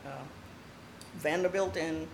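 A woman's voice: deep voice, steady tone, takes it slowly. An older woman from the American South, with a Southern accent, giving a meditation teaching to a group with playful, laughing asides. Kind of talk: dharma talk to a group. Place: meditation hall. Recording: echoey hall with faint room noise.

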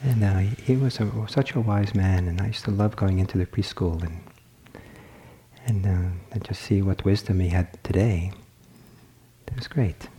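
Man, meditation teacher, dharma talk, lowish voice, gentle and reflective, halting restarts.

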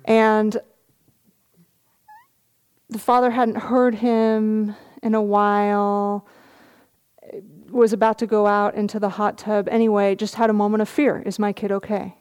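Gentle mellow-voiced woman giving a dharma talk. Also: medium pitch, little pitch movement, a little slow, pauses often, clean tone. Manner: gentle storytelling with soft laughs. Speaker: meditation teacher. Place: retreat meditation hall.

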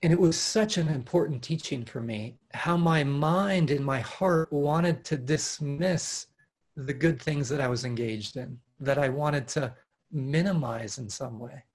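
A man with a husky, slightly breathy voice that sits a little high for a man gives a heartfelt talk at a meditation retreat. He speaks with lively warmth and enthusiasm, often restarting his phrases and breaking into soft laughter. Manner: earnest and animated, with frequent restarts and soft laughs. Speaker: meditation teacher. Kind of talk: dharma talk at an online retreat. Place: home, over a video call.

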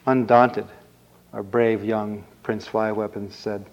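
A male meditation teacher telling a folk tale in a dharma talk, animated and full of vocal sound effects. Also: lowish voice, takes it slowly, poor audio.

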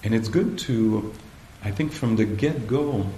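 A man giving a dharma talk at a meditation retreat, slow and hesitant, often pausing to search for the right words. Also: lowish voice, warm tone, slight background noise. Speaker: meditation teacher. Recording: echoey room, faint ambience.

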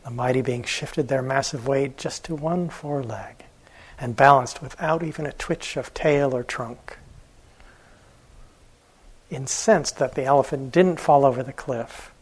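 A man, a meditation teacher, telling an old fable in a gentle, unhurried way during a morning talk. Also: medium pitch, slightly rough, poor audio.

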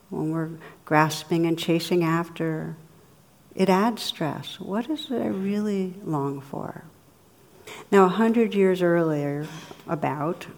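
Woman giving a gentle dharma talk. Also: fairly low pitch, unhurried. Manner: warm storytelling, laughs at her own jokes. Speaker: meditation teacher. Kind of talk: dharma talk with humorous stories. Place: meditation hall with audience.

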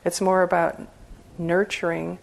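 A woman with a low, gravelly voice gives a relaxed talk on meditation practice. She speaks as a Buddhist teacher, chatty and joking, and laughs often as she explains. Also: measured pace, low-quality recording. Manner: conversational and humorous, laughing often. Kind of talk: informal dharma talk.

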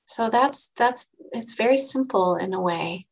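Woman meditation teacher, gravelly edge, gentle unhurried dharma talk with pauses. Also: a little high, expressive, low-quality recording.

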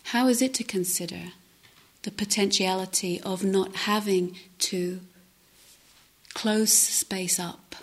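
Breathy woman giving a meditation talk. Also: medium pitch, steady tone, takes it slowly. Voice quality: breathy, often drops to a whisper. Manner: gentle, reflective, with hesitant restarts. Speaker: meditation teacher. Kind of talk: dharma talk. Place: retreat center meditation hall.

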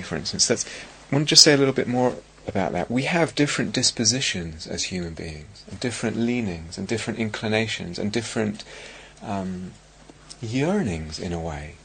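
A man giving a dharma talk as a meditation teacher on a retreat. He speaks slowly and searchingly, with many pauses and restarts. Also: fairly low pitch, gravelly, a bit bright, a little hiss or hum.

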